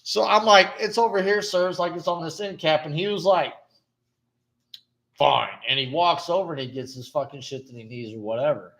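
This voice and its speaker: A man's voice: a little high, moderate pace, fairly bright tone. A man in casual chat, blunt and profane, venting about customers with heavy swearing and coughing now and then. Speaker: podcast co-host.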